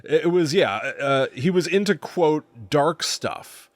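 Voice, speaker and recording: A man's voice: on the high side, unhurried, dry recording. A man co-hosting a podcast, recapping a show in a casual, wry way with playful jokes. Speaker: podcast co-host. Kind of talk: casual chat.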